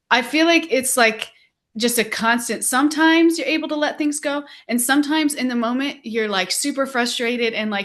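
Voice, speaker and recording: A woman's voice: a little high, normal speed, a bit bright. A woman hosting a podcast, chatting casually and acting out little quoted exchanges. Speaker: podcast host. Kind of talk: casual reflective chat.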